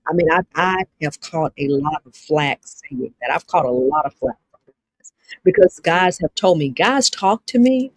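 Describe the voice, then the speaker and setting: Here the livestream host, a Southern US woman, talks dating with her audience, reading their comments out loud and replying to them with plenty of repetition. Her pitch is fairly low. There's no room sound, though the audio quality is poor.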